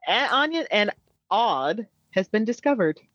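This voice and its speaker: Woman, podcast co-host, playful and joking, laughs often, lively pitch, dry close recording. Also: unhurried, no echo, dull audio. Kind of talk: casual TV episode recap chat.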